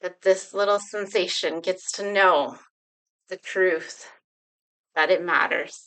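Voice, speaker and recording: Woman doing a slow soothing healing exercise, clear bright voice, homemade video feel. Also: on the low side, steady tone, rough recording. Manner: slow, soothing, repetitive guidance. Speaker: healing coach. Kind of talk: guided emotional healing exercise.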